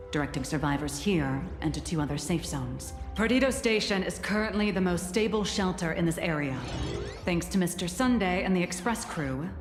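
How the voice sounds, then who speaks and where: Brief: actress as composed female security captain, low and measured, echoey long-reverb game mix. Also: lightly acted. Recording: roomy echo with long reverb.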